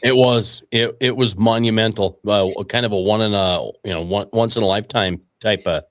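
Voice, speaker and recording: A man's voice: lowish voice, fairly even intonation, normal speed. A man hosting a casual chat, easygoing and chuckling as he talks. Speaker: host.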